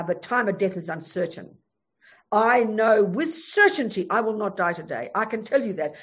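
Animated woman teaching Buddhism. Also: mid-range voice, breathy edge. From Australia. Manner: animated, emphatic, frank storytelling. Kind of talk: Buddhist dharma talk.

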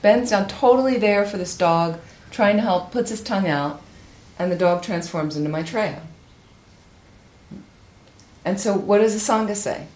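A woman giving a Buddhist talk, telling a teaching story with lively, high-pitched acted quotes. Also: moderate pace. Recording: echoey room with faint ambience.

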